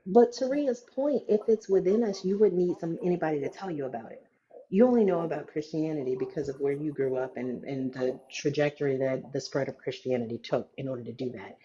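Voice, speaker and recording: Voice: medium pitch, a little fast, warm tone, highs cut off. A participant in a group discussion, arguing a point firmly and building it with analogies.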